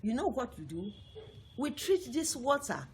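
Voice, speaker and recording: A woman's voice: a little high, very animated, measured pace, a little hiss or hum. A woman teaching a lesson to young pupils, repeating points emphatically and asking the class questions.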